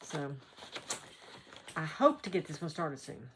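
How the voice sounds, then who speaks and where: A woman's voice: low-pitched, sing-song, unhurried, background noise. A woman with a Southern American accent, chatting casually at home as a cross-stitch vlogger, rambling and laughing often. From North Carolina. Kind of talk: casual chat.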